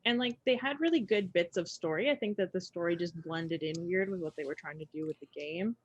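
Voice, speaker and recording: Woman, lower voice, podcast co-host, relaxed rambling, dry muffled home recording. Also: brisk, husky, no room sound. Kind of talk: casual chat. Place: home basement.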